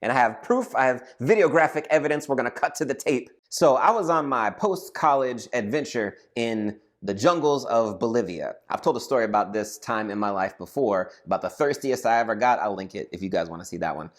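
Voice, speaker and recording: A man in his thirties telling a comic personal story on his own channel, animated and acting out voices and shouts. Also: mid-range voice, fairly quick, few pauses. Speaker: storyteller vlogger. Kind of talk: casual comedic storytelling.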